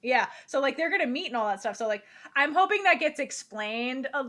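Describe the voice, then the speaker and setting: Eager, rambling woman co-host, slightly high. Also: lively intonation, brisk, few pauses, fairly bright tone. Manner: enthusiastic, rambling with many "like"s. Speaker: podcast co-host. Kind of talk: casual book club chat.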